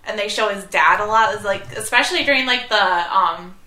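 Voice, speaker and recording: A woman's voice: medium pitch, brisk, sharp tone. A woman co-hosting a casual chat about movies, talking in a chatty way full of "like" fillers. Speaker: podcast co-host. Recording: echoey room.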